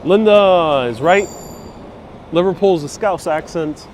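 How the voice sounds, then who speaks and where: A man's voice: high voice, slow pace. A man guiding a live-streamed city bus tour, chatting casually and reading out viewer comments. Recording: faint street and traffic noise.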